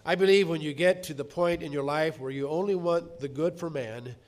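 A middle-aged man preaching a sermon, earnest, slowing down to stress key words and rising to emphatic peaks. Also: a little high, darkish tone.

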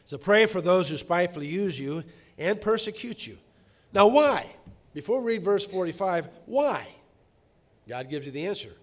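A middle-aged man delivering a sermon in a somewhat high voice. He speaks earnestly, drawing out key words slowly and then swelling into emphatic, louder passages. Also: big pitch swings. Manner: earnest, rising to emphatic peaks, slowing to stress words. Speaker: preacher.

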